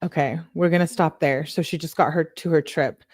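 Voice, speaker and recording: A woman's voice: low-pitched, fairly even intonation, a little fast, a little mellow, no echo, clean studio sound. A woman hosting a true crime channel, reading text messages aloud and adding sarcastic, offhand remarks.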